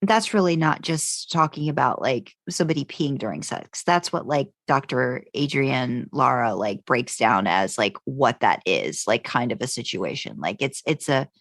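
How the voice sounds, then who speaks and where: A woman's voice: extremely low pitch, lively intonation, normal speed, hardly any pauses, a bit bright, dry recording, studio quality. A woman co-hosting a podcast in casual chat, thinking aloud with everyday examples. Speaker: podcast co-host.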